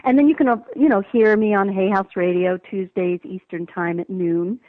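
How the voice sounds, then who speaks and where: A woman, a guest author, tells a personal story with lively emphasis while calling in to an interview. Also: medium pitch, normal speed, no room sound. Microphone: telephone. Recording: tinny phone line.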